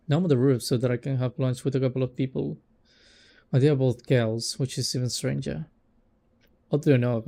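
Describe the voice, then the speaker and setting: Gravelly young man reading a visual novel. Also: medium pitch, warm tone. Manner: reads narration aloud, stumbles and rereads lines, breaks off with casual remarks. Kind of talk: let's play reading with asides.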